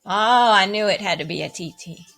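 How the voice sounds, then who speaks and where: A woman's voice: normal speed, gravelly, a bit bright. A woman music teacher leading a playful online rhythm lesson for children, cheering often and chanting rhythm syllables and counts. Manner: bubbly and playful, with high whoops and cheers.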